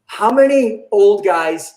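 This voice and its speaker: An older man, a comedian guest, telling an animated story in an interview and acting out the dialogue. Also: high-pitched, slow pace. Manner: animated, acts out quoted dialogue. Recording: roomy echo.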